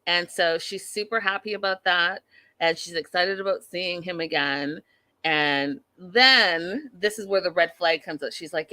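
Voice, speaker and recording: On her podcast, a woman in her thirties recaps a reality show in a fairly low voice and at a slow pace. She speaks casually and straight to her audience, calling them y'all, and she's animated, blunt, and opinionated.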